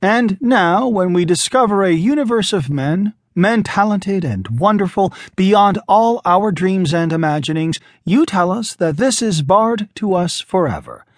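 A man's voice: high-pitched, measured pace, no room sound, studio quality, voice pushed up. A man voicing a composed male scientist earnestly pleading his case. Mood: impassioned. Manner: calm, controlled, then impassioned.

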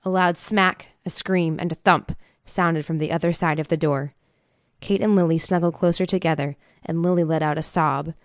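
Low-voiced woman narrating an audiobook. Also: steady tone, normal speed, dry recording, studio quality. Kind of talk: scripted narration.

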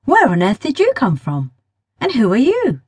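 A woman's voice: a little high, wildly swooping pitch, normal speed, husky, no echo, clean studio sound, pitched above the performer's own voice, full character voice. A woman narrator voicing a curious young girl who exclaims and asks questions eagerly, in a children's audiobook. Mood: excited.

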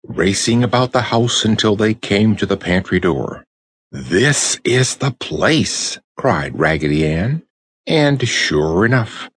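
A man with a low, slightly husky voice reads a children's story aloud. His delivery is expressive, sweeping through wide, animated pitch. The sound is close and dry. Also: no room sound. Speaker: audiobook narrator.

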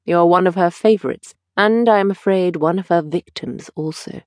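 A woman's voice: lowish voice, normal speed, darkish tone, no room sound, clean studio sound, lightly acted. Woman doing a languid, teasing aristocrat. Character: languid witty older aristocrat, mildly mocking.

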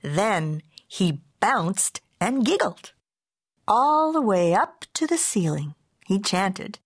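A woman narrating a children's storybook in a lively, playful read-aloud manner. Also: mid-range voice, a little slow, husky. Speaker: author reading her own book.

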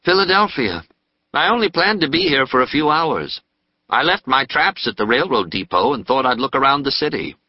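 Guy putting on a higher, fussy middle-aged dentist, polite and worried, kinda muffled dry audiobook sound. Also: sing-song, normal speed, no echo. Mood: earnest. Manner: formal, polite, grave. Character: pompous middle-aged male dentist, anxious.

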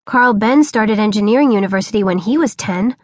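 A woman's voice: mid-range voice, fairly quick, no room sound, studio quality, close to an everyday voice. A woman voicing an earnest, defiant ten-year-old boy inventor in a children's audiobook, raising her voice for him. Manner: earnest, talks back.

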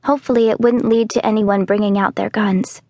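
A woman narrating a children's audiobook in the first person, telling the story calmly and clearly. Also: mid-range voice, a little fast, dry recording. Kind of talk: scripted narration.

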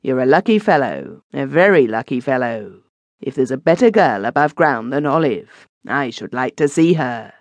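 A man reading an audiobook voices a glib, teasing young gentleman who is deep in debt. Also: expressive, normal speed, no room sound, close to an everyday voice. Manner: teasing, wheedling.

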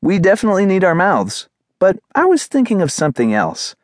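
A man voicing a calm, patient male dog who leads his friends with coaxing questions. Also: high voice, a little fast, no room sound, clean studio sound, voice pushed up.

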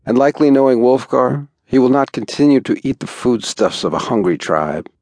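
A man voicing a sharp-tongued barbarian woman in a storybook reading, speaking bluntly. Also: medium pitch, lively intonation, fairly quick, no echo, studio quality.

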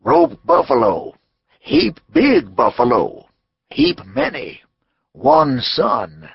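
Casting: boastful old buffalo hunter, gravelly, slow, emphatic broken speech, swoops wildly in pitch, put on by a male narrator. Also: wildly swooping pitch, no echo, lo-fi sound, full character voice.

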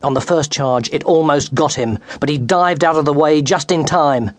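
A man narrating a children's storybook with animated, dramatic delivery that rises and quickens with the action, recorded close in a studio. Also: fairly high pitch. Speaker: audiobook narrator. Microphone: close studio microphone.

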